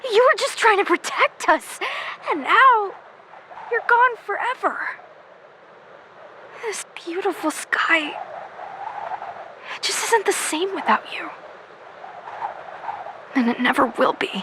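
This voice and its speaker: Woman doing a hot-headed teen fire girl, super high voice, swings all over the place, talks to herself in voice notes. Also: animated, takes it slowly, pauses often, noisy background, heavily acted. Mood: sad. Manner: chatty, answers her own questions. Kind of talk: fan voice-note monologue.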